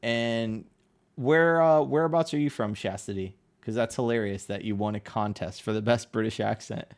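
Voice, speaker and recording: A man's voice: lowish voice, normal speed. A man with a Northeastern American accent, chatting casually with his livestream audience while drawing. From Connecticut, USA. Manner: chatty, reads chat aloud, laughs often. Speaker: livestreaming artist.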